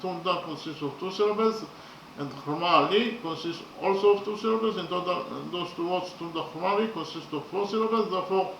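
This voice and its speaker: A man teaching in a slow, methodical lecture, often hesitating with fillers. His voice sits a little high and sounds bright. The room around him is echoey, with a faint hiss underneath. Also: creaky. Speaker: literature teacher.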